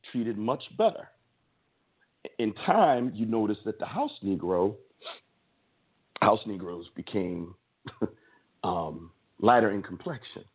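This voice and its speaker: A man co-hosting a sports podcast, delivering a heated, emphatic opinion rant with a husky voice and stammering restarts. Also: deep voice. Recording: tinny phone-like audio.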